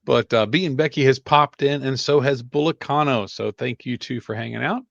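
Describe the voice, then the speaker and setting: A man co-hosting a casual livestream, tired and relaxed as he greets viewers by name and jokes with them. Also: medium pitch, normal speed, gravelly, no echo, lo-fi sound. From North Carolina. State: tired, yawning. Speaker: co-host of a livestream show.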